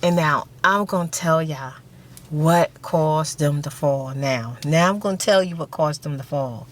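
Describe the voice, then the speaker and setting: A middle-aged woman telling a long story in a soft-spoken ASMR style, rambling and repeating herself for emphasis. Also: sits low, measured pace. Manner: rambling and repetitive, emphatic retelling; drops to a whisper for quoted speech. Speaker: ASMR channel host.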